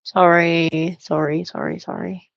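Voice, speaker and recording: A woman plays a tabletop game, talking slowly and hesitantly with lots of ums. Her voice has a gravelly fry. The recording is dry and slightly muffled. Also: on the low side, level tone, dry recording. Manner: hesitant, many ums and apologies. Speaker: player.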